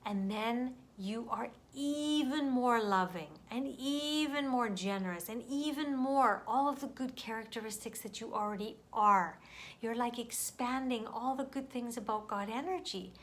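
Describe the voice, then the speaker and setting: Gentle woman sharing a spiritual message. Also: fairly high pitch, measured pace. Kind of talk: earnest inspirational vlog talk.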